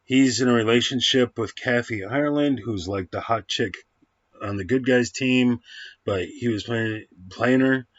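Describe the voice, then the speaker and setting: A man's voice: mid-range voice, a little slow, dry recording, dull audio. A man rambling through a casual film review at home, full of fillers and restarts. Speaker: movie reviewer.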